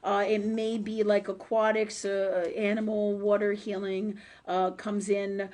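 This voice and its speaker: A woman's voice: mid-range voice, level tone, measured pace, darkish tone. A woman hosting a live-stream show and giving psychic readings, talking in a loose, chatty way with fillers and tag questions and the odd curse word. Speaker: host and psychic reader.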